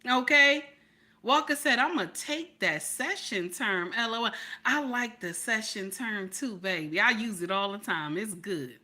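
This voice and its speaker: Loud, bright-voiced woman chatting to her viewers. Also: mid-range voice, lively intonation, a little slow. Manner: loud, playful, talks back to chat. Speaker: livestream commentary host. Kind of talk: casual livestream commentary.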